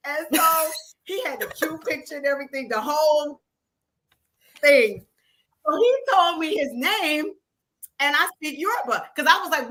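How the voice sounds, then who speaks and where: A frank, lively woman telling stories in a casual chat, her voice bright and fairly high. She speaks openly and animatedly, quick to laugh. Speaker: guest. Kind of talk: casual storytelling.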